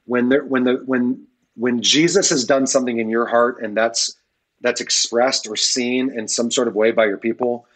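A man's voice: medium pitch, steady tone, normal speed, slightly rough. A man, a pastor, speaking as a guest on an interview podcast, earnest and repeating key phrases for emphasis.

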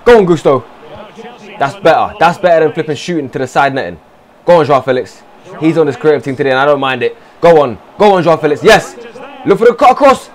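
A man's voice: a little high, quick pace. A man streaming a football management game, cheering his players on and answering his own mock press conference as the manager. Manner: animated, shouts encouragement at players. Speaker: gaming streamer. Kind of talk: excited gameplay commentary.

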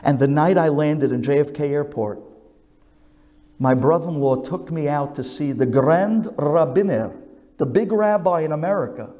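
A frail old man in his eighties, tearful and pleading, his voice climbing high and stammering, then dropping to a shaky hush, as a preacher puts him on. It rings in a long echoey hall. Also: natural voice. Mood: emotional. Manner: pleading, halting, breaks into whispers.

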